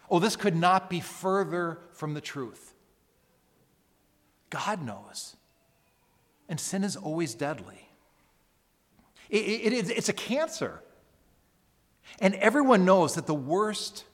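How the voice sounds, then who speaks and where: Male pastor, emphatic sermon delivery, slow measured pace, long church reverb. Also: fairly high pitch. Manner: earnest, emphatic preaching with repeated phrases.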